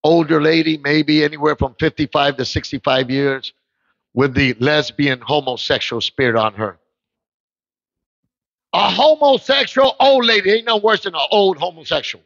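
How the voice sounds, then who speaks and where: Man, preacher, high voice, sharp tone, impassioned sermon, dull lo-fi stream. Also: moderate pace, vocal fry, dry recording. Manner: impassioned, swings into shouts. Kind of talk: sermon with storytelling. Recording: muffled lo-fi livestream audio.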